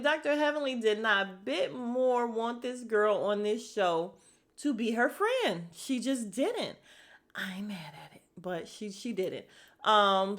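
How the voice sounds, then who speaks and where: Gossipy woman recapping reality TV. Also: mid-range voice. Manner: animated, gossipy, acts out quotes. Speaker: podcast host.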